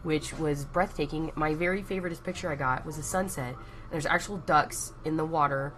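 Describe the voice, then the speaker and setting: A woman's voice: low-pitched, a little fast, a bit bright, faint music behind. A young Texan woman chatting casually and rambling on a live stream, laughing at herself as she goes. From Texas.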